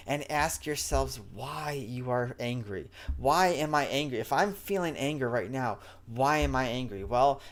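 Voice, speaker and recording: A man hosting a spiritual talk show, speaking in a casual, rambling way with frequent restarts as he teaches. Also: medium pitch.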